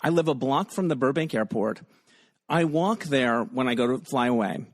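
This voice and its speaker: A man's voice: mid-range voice, animated, moderate pace, dry recording, clean studio sound. A man hosting a podcast in a casual, rambling chat, often laughing as he talks. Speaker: podcast host.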